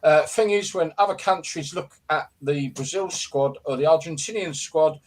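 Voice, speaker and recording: A man's voice: on the high side, moderate pace. A man hosting a live football show, delivering an exasperated, sweary, rambling rant. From England.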